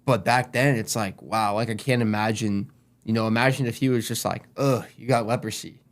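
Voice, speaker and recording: Male co-host, low voice, relaxed and conversational, thinking aloud. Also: brisk. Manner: casual, reflective, lots of fillers. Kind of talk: casual chat.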